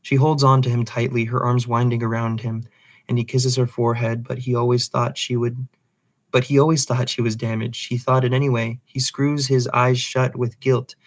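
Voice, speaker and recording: A man's voice: medium pitch, little pitch movement, moderate pace. A man reading a literary novel aloud, with occasional slips and restarts. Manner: reads dialogue plainly, with slips and restarts. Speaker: reader.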